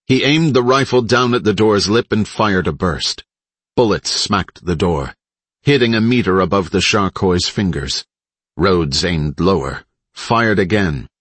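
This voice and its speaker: A man reading an audiobook in a steady, dramatic narrating style on a close mic. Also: low-pitched, unhurried, slightly rough, dry recording. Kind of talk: scripted narration.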